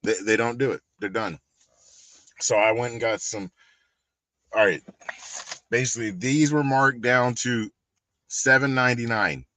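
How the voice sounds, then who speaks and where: A stoned man with a drawl rants in a loose, cursing stream-of-consciousness, swinging from mumbled asides to loud outbursts. His voice sits at an ordinary male pitch, and the sound is dry, close and unroomy. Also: measured pace, pauses often, no room sound. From Texas. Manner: profane, ranting, animated. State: high. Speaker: collectibles channel host. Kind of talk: casual livestream rant.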